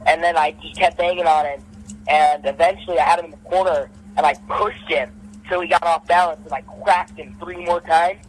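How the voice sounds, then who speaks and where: Young male amateur boxer, slightly high voice, casual animated storyteller who voices his own punches. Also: brisk, slight background noise, rough recording. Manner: animated, acts out punches with repeated "boom".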